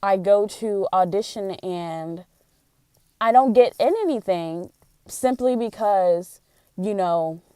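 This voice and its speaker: A young woman speaks in a casual vlog, venting her frustrations openly and earnestly. Her voice is mellow and warm, and the recording sounds dry and close. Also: mid-range voice, takes it slowly, clear, resonant tone, no echo. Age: young adult. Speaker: college theater student.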